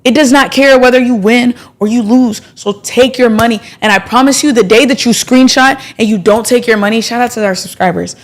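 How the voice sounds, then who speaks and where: A woman's voice: fairly high pitch, a little fast, few pauses. Chatty woman hosting a live trading stream. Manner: chatty and playful, thanks subscribers, bursts of excitement. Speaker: livestream trading host.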